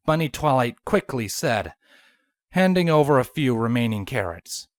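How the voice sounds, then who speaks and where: A woman narrating a fanfiction story with an expressive reading. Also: a bass voice, moderate pace, no room sound, clean studio sound. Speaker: fanfiction reader.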